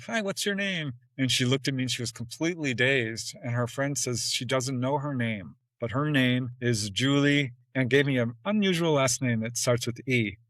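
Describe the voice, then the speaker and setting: Animated man telling a story, dry sound. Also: no echo, poor audio. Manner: animated, acts out quoted exchanges with jumps in pitch; laughs often between phrases. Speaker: podcast guest. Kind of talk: casual storytelling in an interview.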